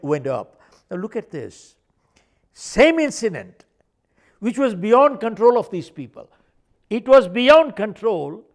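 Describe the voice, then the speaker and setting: Emphatic older man with a gravelly, lively voice. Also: fairly high pitch. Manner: emphatic, repeats points for stress. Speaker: author and speaker. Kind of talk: animated interview storytelling.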